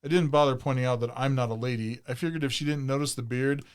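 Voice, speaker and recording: A man's voice: mid-range voice, fairly even intonation, fast, smooth. A man co-hosting a podcast, reading funny stories aloud and laughing often as he goes. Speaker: podcast co-host.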